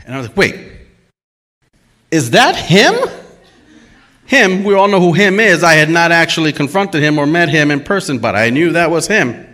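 A man's voice: fairly high pitch, expressive, brisk, bright, forceful tone. A man telling a personal story and acting out the quoted lines, laughing at himself as he goes.

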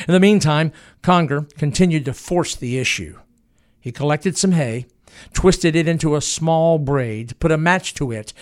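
A man giving scripted documentary narration, telling a historical event in a dramatic, measured way. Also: mid-range voice.

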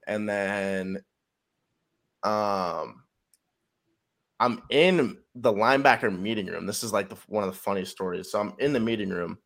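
Young male athlete guest, lowish voice, loose and rambling, filler-heavy, swears freely. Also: a bit bright. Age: young adult. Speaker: college football player guest. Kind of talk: casual storytelling.

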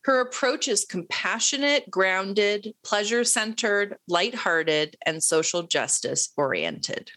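A woman's voice: medium pitch, animated, slow, few pauses, a bit bright. A woman co-hosting a podcast, reading a guest introduction with enthusiasm. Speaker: podcast co-host. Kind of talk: read introduction, then casual chat.

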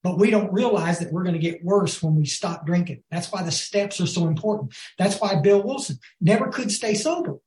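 A man's voice: high voice, expressive, a little fast, few pauses, a little mellow. A man giving a recovery talk to a group, telling folksy stories and often asking his listeners if they follow. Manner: folksy storytelling, addresses the audience as y'all. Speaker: recovery speaker. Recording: roomy echo.

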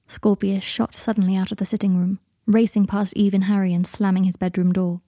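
A woman narrating a fan fiction story in an even, steady reading voice. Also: medium pitch, brisk, hardly any pauses, no echo, studio quality.

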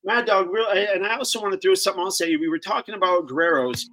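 A man speaking as a guest on a live talk show, halting and repeating himself, a little flustered. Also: high voice, fairly bright tone, poor audio.

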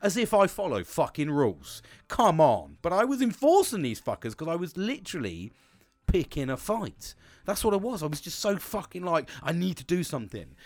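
A man's voice: on the high side, wildly swooping pitch, moderate pace, dry recording. A man in his forties, hosting a casual podcast monologue in a rambling, sweary, self-mocking way. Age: 40s.

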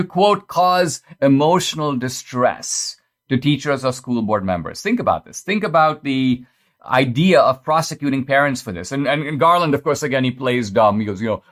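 A man's voice: on the high side, fairly bright tone. A man hosting a podcast, delivering a political commentary monologue in an emphatic, pointed and sarcastic manner. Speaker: podcast host.

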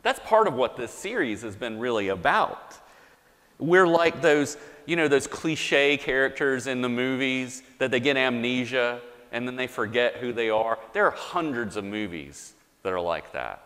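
A male pastor preaching a sermon in a measured, deliberate way, reading scripture and telling a story. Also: mid-range voice, animated, fairly bright tone. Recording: long reverb of a large hall.

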